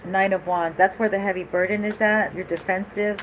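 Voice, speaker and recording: A woman's voice: medium pitch, steady tone, brisk, slight background noise, rough recording. A woman giving a casual tarot reading in a chatty, rambling way, laughing often and going off on asides. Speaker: tarot reader.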